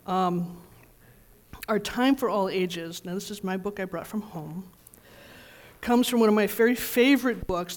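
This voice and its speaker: A woman leading a children's message in church, reading a storybook aloud in a gentle, expressive way. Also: mid-range voice. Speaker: pastor giving a children's message. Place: church sanctuary. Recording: reverberant church hall.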